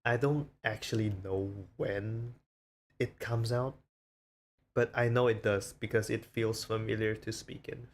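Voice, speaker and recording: A man's voice: on the low side, steady tone, measured pace, a little hiss or hum. A man streaming casually, rambling and self-conscious as he shows off the different voices he talks in. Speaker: VTuber streamer.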